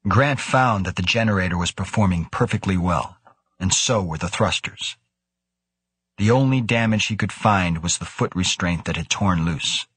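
Male audiobook narrator, sci-fi novel, steady measured reading, husky voice, dry close recording. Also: low-pitched, dry recording.

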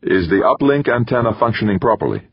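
A man's voice: on the low side, expressive, fast, husky, no room sound, muffled recording, voice pushed up. A man voicing a stubborn, impatient male space technician in an audiobook, terse and muttering. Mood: probing. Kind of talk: audiobook character reading.

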